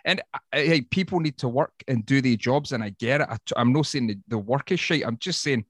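A Scottish woodworker guest talks bluntly and swears a lot while telling animated stories in a casual podcast chat. His voice is medium-pitched and brisk. The recording is dry with clean studio sound.

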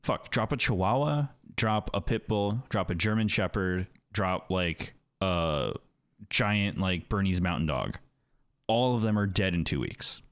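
Laid-back, low-voiced swearing man. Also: lively intonation, unhurried, fairly bright tone, no room sound. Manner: laid-back, swears often, laughs a lot. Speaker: podcast co-host. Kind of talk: casual chat.

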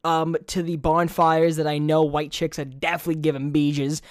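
A man's voice: a little high, flat delivery, moderate pace, no echo, studio quality. A young man of about twenty with a New York accent, rambling crudely in casual chat and restarting his words over and over.

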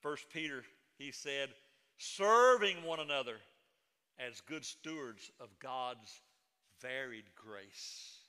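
A man's voice: medium pitch, lively intonation, slow pace, pushed and bright, clear, resonant tone, in a large hall. A middle-aged man preaching a sermon as a pastor, moving between folksy stories and emphatic proclamation.

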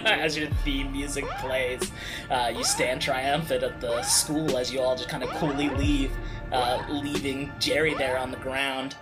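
A man narrating as game master of a tabletop game, describing scenes slowly and laughing often. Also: medium pitch, little pitch movement, loud music behind the voice.

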